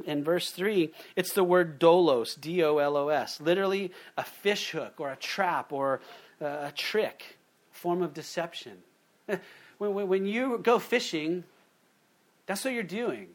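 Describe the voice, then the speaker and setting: A middle-aged pastor delivers a sermon in a voice pitched notably high for a man. He is a lively storyteller, slipping into different voices to act out the quotes he tells. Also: unhurried.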